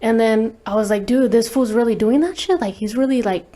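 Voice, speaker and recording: A woman's voice: on the high side, fairly quick, mellow. Blunt, profane woman telling her story. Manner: blunt, profane, heavy use of "like". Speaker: guest recording artist. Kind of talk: candid personal storytelling in interview.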